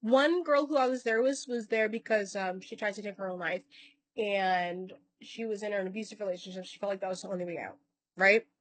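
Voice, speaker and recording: Rambling woman vlogger, mid-pitched voice, casual swearing, dry close sound. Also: brisk, no room sound. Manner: acts out other people's lines in quoted voices. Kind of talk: casual storytelling to camera.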